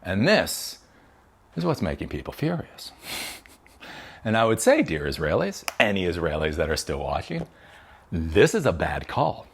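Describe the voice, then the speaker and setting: Heated man ranting, lively pitch. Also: normal speed, vocal fry, long pauses, breathy edge. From United States. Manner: heated, profane, sarcastic ranting. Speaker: tech channel host giving commentary. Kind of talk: solo commentary rant to camera.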